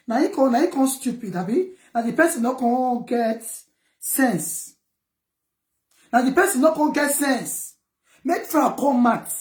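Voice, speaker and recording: This Nigerian vlogger has a high-pitched voice with a darkish tone, recorded in an echoey room. In Pidgin English she rants defiantly at her viewers, scolding her critics in a heated personal outburst.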